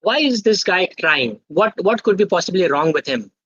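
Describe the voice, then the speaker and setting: A man's voice: high voice, expressive, normal speed, fairly bright tone, dry recording. Young man teaching live online, muffled. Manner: interactive, quizzes the chat, tags sentences with "okay?". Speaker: guest speaker at a student tech workshop.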